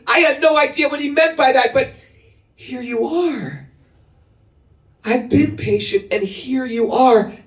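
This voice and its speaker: Man doing a high-voiced young devotee woman, emotional and pleading. Roomy, distant mic.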